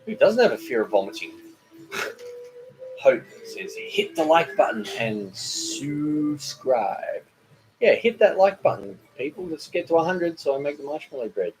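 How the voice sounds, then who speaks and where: A man's voice: on the high side, wildly swooping pitch, normal speed, darkish tone, soft background music, poor audio. A man, hosting a casual live cooking chat, rambling and joking as he reads viewer comments. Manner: rambling and chatty, with many fillers and joking asides. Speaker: cooking channel host.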